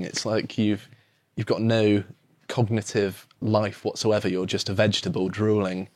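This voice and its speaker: A man in a casual podcast chat, speaking in an unhurried, halting way. His voice is low, and the sound is dry with no room echo. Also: fairly even intonation.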